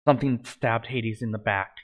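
A man's voice: medium pitch, normal speed. Man reading a fan story aloud. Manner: amateur reading with stumbles and self-corrections. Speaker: narrator.

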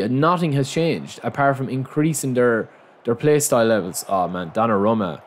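A young man talks through his football video game match in a running stream of commentary, his voice sitting at a middle pitch. He mutters half to himself, then bursts out loudly at the players on screen, with a faint hum of noise underneath. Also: animated, moderate pace. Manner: frustrated, muttering self-talk that bursts into loud outcries at the game. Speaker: gaming channel host.

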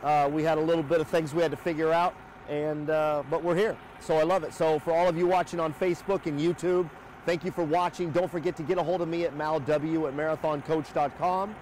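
An upbeat man hosts a casual live walkthrough outdoors, talking in a slightly raised pitch with lots of easy fillers. Faint traffic hums in the background of this outdoor recording. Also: fairly even intonation, a little fast, darkish tone. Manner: upbeat, chatty, many uh fillers. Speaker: host of a sales livestream. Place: outdoors by a motorhome near a highway.

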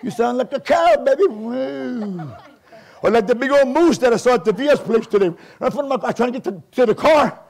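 A man preaching a Pentecostal sermon in a church as a guest preacher, fervent and often shouting, with call-and-response. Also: very high-pitched, expressive, quick pace, hardly any pauses. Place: church sanctuary.

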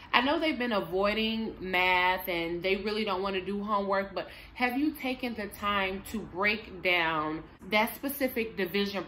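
A woman's voice: medium pitch, fairly bright tone, a little hiss or hum. A woman explaining parenting techniques, speaking emphatically and addressing moms directly. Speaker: parenting coach and behavior analyst. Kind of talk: instructional parenting vlog.

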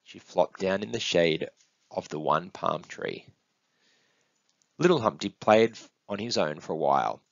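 A man reading a picture book aloud, his low, gravelly voice rising and falling in a lively, sing-song way. The sound is dull and close, with no room echo. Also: measured pace. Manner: expressive, sing-song storytelling. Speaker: storybook reader. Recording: dull, dry close recording.

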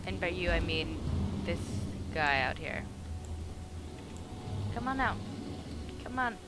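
Excitable, swearing woman streamer. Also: on the low side, takes it slowly, heavy background noise. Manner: excitable, swears, talks to the game characters. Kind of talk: live gameplay commentary. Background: game music.

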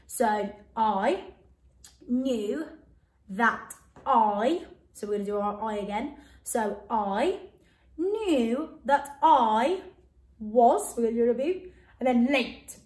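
A woman teacher with a British accent, giving a phonics lesson to children and sounding out each letter slowly and clearly. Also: mid-range voice, echoey room, poor audio. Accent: British English. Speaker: primary school teacher.

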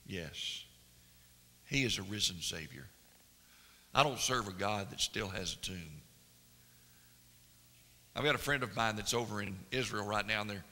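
Bright-voiced preacher in a reverberant church. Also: male voice, on the low side, creaky. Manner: swings from hushed, slow emphasis to loud, excited storytelling. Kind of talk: sermon. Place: church sanctuary. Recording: long reverb of a church hall.

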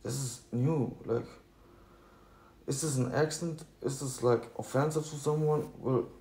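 A man's voice: mid-range voice, measured pace, warm tone. A young man rambling casually in a profane, slangy way as a vlogger. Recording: echoey room with faint noise.

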